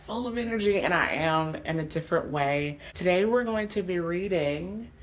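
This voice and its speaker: Candid woman coach hosting a podcast. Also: on the low side. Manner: candid, emotional, speaks directly to listeners. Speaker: life coach and podcast host. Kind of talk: personal motivational podcast monologue.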